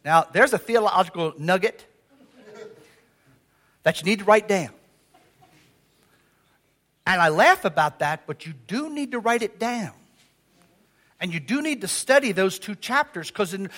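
An older man preaching a sermon as pastor, conversational and lively, calling out questions to the congregation in a church. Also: high-pitched. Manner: lively, conversational preaching with audience call-outs.

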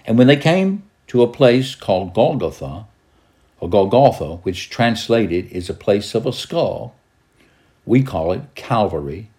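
A man with a fairly low voice reads scripture aloud like a preacher, adding short remarks of his own. He reads dramatically, lifting his pitch and volume when quoting shouts and speeches. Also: big pitch swings, a little slow. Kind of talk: scripture reading with commentary.

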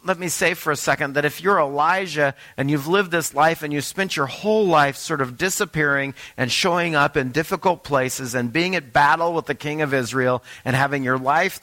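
Bright-voiced man preaching a sermon. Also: a little high, poor audio. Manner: conversational preaching, asks the listeners questions. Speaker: pastor.

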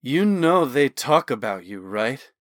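A man's voice: mid-range voice, big pitch swings, unhurried, no room sound, clean studio sound. A man voicing a drunken, bitter young estate worker who slurs his resentful words in a storybook reading. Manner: slurred, resentful.

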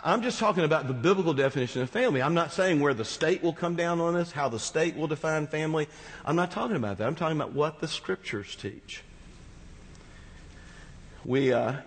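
A man preaching a sermon as pastor, talking conversationally with rhetorical asides to the congregation. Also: a little high. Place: large church hall. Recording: reverberant church hall.

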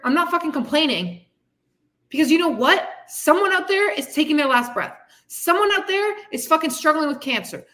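A woman with a high voice delivers a candid motivational monologue as a fitness coach, blunt and full of swearing. Her tone is bright and sharp, and she sounds frustrated as she vents. She talks straight to her listeners with tough love. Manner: frustrated, venting. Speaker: fitness coach and podcast host.

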